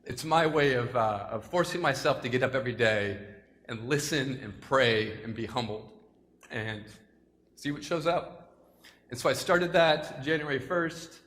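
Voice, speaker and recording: A man's voice: medium pitch, a little slow, a bit bright. A man giving a casual, joking motivational talk to a school assembly, chatty and self-deprecating, at times choked up. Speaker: speaker addressing a school assembly. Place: large hall with an audience. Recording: long hall reverb, faint room noise.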